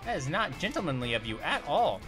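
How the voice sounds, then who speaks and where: A woman voicing a bubbly young female grape who hosts animated let's-play commentary, giggling, making puns and yelping at danger, over faint music. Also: sits low, fairly quick. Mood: excitable. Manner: giggly, punny, yelps at danger. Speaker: host of gaming videos.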